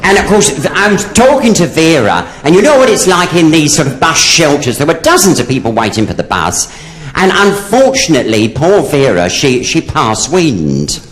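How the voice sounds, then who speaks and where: A man's voice: fairly high pitch, very animated, moderate pace. A man doing stand-up as a drag comedian, telling gossipy camp stories and switching voices for the punchlines.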